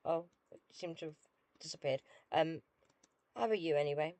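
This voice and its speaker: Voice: mid-range voice, moderate pace, a little mellow, no echo. Dry, wry British streamer. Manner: dry, self-deprecating, wry. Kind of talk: casual live-stream chat while playing a game.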